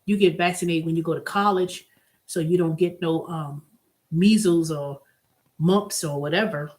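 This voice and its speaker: A woman's voice: lowish voice, fairly even intonation, normal speed, a little mellow. A woman hosting her own vlog, talking casually and bluntly with strong emphasis, moving from exasperation to delight. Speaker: vlog host. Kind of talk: casual solo rant.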